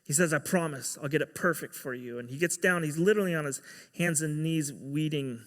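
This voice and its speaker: A man's voice: fairly high pitch, brisk, fairly bright tone, big-room sound. A man giving a sermon as pastor, telling a story and acting out the quoted dialogue.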